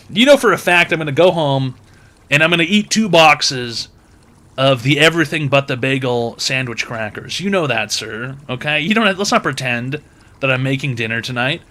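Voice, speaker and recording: Bright-voiced man in a profane rant. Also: mid-range voice, animated, normal speed. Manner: profane, exasperated, swings into loud outbursts. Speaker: advice show host. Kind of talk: comedic rant.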